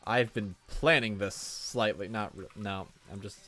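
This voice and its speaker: Chatty low-voiced young man streaming a build. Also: a little slow, bright, forceful tone, faint music behind. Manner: chatty, thinking aloud, self-mocking. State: hiccups. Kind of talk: casual gameplay commentary.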